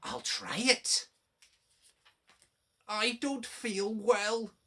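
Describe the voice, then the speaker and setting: A man's voice: high voice, animated, takes it slowly, sharp tone, pitched above the performer's own voice, full character voice. A man voicing a sheepish, complaining little steam engine in a children's storybook reading. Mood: scheming. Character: sheepish whiny narrow-gauge engine.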